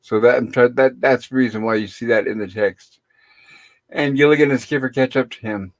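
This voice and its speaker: A middle-aged man hosting a casual live stream, retelling a TV episode in a rambling way with pauses and fillers. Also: medium pitch. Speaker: host.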